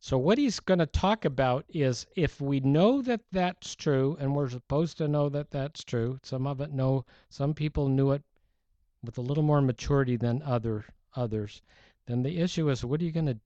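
A man's voice: mid-range voice, mellow, dry recording. A man preaching a sermon in a conversational, storytelling way, walking through a Bible passage. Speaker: pastor. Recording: dull lo-fi sound.

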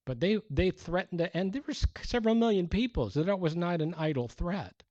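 A man preaching a sermon as a pastor, conversational and animated, acting out the people he quotes. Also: sits high, fairly quick, no echo, muffled recording.

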